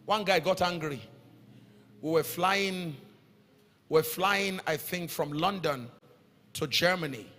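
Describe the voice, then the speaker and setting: A middle-aged man with a Nigerian accent preaching a sermon, emphatic and sing-song, sometimes rising to shouts. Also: a little high, slow, long pauses. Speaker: pastor. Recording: reverberant hall sound.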